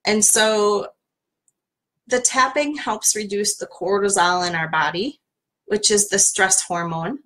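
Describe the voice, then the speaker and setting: Gentle woman guiding a tapping session. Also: mid-range voice, slow, rough recording. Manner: gentle, soothing guiding voice with many fillers. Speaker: tapping coach. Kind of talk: live-streamed guided tapping session.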